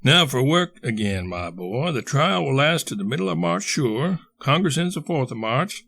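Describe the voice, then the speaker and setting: A man voicing an exuberant, blustering older colonel and schemer who talks in hearty bursts and leaps to excited highs. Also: moderate pace, gravelly, no echo, exaggerated voice.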